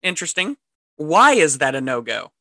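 Podcast co-host, playful and swearing, crisp bright tone, dry studio sound. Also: medium pitch, sing-song, moderate pace, dry recording. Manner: profane, giggly, playful. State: says they are high. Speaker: podcast co-host recapping the film. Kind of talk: casual podcast chat. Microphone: podcast microphone.

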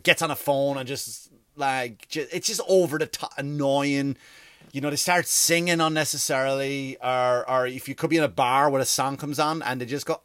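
A man's voice: on the high side, fairly bright tone, no room sound, clean studio sound. A man doing a rambling, sarcastic comedy rant, full of swearing.

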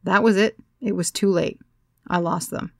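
A woman narrating a first-person story as an audiobook, in a measured, wry storytelling manner. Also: on the low side, fairly even intonation, vocal fry, a little mellow, no room sound, clean studio sound.

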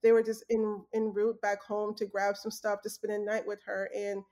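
A woman's voice: medium pitch, completely flat delivery, moderate pace, mellow. An earnest young adult woman telling her story in a casual interview, with fillers and restarts. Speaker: guest, former journalist.

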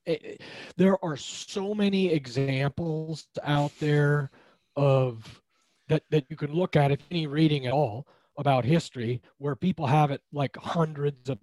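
A man in casual conversation, speaking in a measured, reflective way. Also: a little high, darkish tone, no room sound, poor audio.

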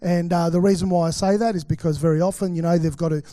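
Middle-aged Australian pastor, high-pitched, anecdotal preacher who acts out his quotes, dry close sound. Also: fairly even intonation, fast talker, mellow, no echo. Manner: chatty storytelling, acts out quotes, many fillers. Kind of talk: sermon with personal stories.

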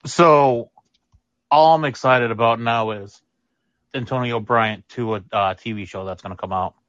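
A man's voice: medium pitch, unhurried, a bit bright, no echo. A man joking and teasing during a casual sports podcast chat. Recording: dull lo-fi sound.

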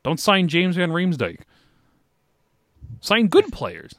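A man's voice: high-pitched, huge pitch swings, takes it slowly, a bit bright, no room sound. A man co-hosting a podcast, griping about sports with profane, sardonic humor. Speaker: podcast co-host. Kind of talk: casual sports chat.

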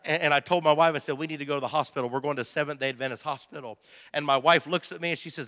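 A man preaching a missionary testimony as a sermon, telling his story with high-strung, excitable energy. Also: fast. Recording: long hall reverb.

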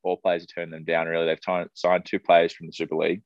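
A young man with an Australian accent co-hosting a casual podcast, chatty and relaxed. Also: low voice, fast, dry recording. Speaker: podcast co-host. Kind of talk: casual chat. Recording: dry, dull lo-fi sound.

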